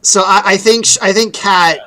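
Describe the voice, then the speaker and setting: A man's voice: high-pitched, fairly even intonation, moderate pace, bright, forceful tone. An American man hosting a live stream, chatting casually about his fan game and laughing often. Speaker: stream host and game developer.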